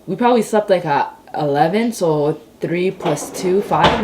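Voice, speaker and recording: Woman, stay-at-home mom vlogger, lower pitch, weary, casual and blunt, talking straight to camera. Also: expressive, unhurried, darkish tone, slight background noise. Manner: chatty, rambling, frank. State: tired. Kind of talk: casual vlog talk to camera.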